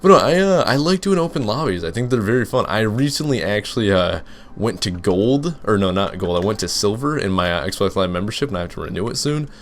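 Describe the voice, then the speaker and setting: Answering viewer questions mid-game, this young man who makes gaming videos speaks in a brisk, animated voice on the low side. His casual Let's Play Q and A wanders, packed with fillers and false starts.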